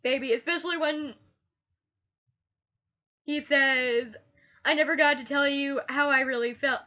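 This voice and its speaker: High-pitched woman chatting slow about a tv episode, gushy, keeps echoing her last word, kinda dull lo-fi sound. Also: steady tone, sharp tone. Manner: gushing, repeats last words like an echo. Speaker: TV reviewer. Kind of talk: casual spoken review.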